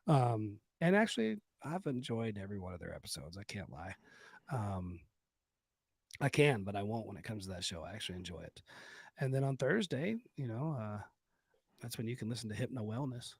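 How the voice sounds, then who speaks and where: A man with a slightly husky voice rambles through crude jokes and show plugs as a podcast co-host. His delivery is loose and joking, full of fillers and restarts. The sound is dry and close to the mic. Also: fairly low pitch, very animated, fairly quick, no echo. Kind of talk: crude comedic podcast banter.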